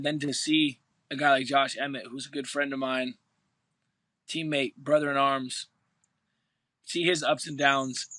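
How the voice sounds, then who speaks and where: A hoarse man talking in an interview, his voice bright and tense. The sound is dry and close, with no room around it. He rambles in a heartfelt way, repeating himself as he goes. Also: mid-range voice, no echo, poor audio. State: hoarse from yelling. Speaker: guest fighter. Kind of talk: casual interview talk.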